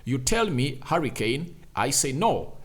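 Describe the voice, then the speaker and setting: A man's voice: medium pitch, sing-song, measured pace. A man hosting a fan channel, giving opinionated football commentary with emphatic rhetorical questions and repeated phrases.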